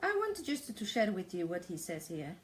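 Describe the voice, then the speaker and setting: A woman's voice: on the low side, huge pitch swings, moderate pace. A woman talking in a casual live stream from her attic on a tablet mic, agitated and repeating herself. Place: home attic.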